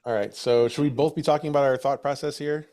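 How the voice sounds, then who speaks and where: A man's voice: medium pitch, steady tone, fast, a little mellow. A man co-hosting a live podcast, sharing history with wry, dry quips. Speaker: podcast co-host.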